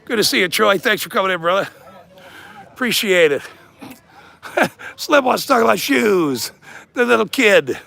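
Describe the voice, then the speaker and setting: A man livestreaming outdoors in a parking lot on a handheld camera, taunting people, shouting insults and laughing often. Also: high-pitched, expressive, moderate pace, vocal fry, pauses often. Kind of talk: livestream rant.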